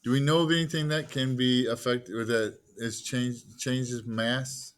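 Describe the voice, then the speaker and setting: A man's voice: mid-range voice, fairly even intonation, unhurried. Man lecturing, quizzing the class. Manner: asks the class questions and answers them himself; casual, jokey asides. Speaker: teacher.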